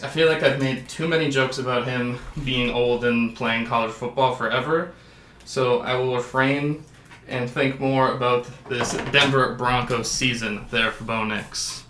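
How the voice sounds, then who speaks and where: A man's voice: mid-range voice, bright, forceful tone, reverberant, a little hiss or hum. A man hosting a sports card break, calling out each card and adding jokey asides. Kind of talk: casual card-opening commentary.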